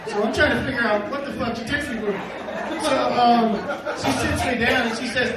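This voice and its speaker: High-voiced man doing stand-up in an echoey club. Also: fairly even intonation, distant mic, a loud crowd. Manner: rambling, self-deprecating, swearing, with quick asides. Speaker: stand-up comedian. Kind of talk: stand-up comedy set. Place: comedy club stage. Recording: echoey club, heard from afar, noisy. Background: audience laughter.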